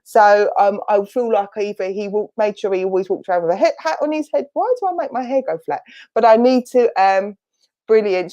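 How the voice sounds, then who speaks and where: A woman's voice: medium pitch, dark tone. A woman with an Essex accent, a spiritualist medium giving a chatty spirit reading in an online church service, thinking aloud as she relays messages.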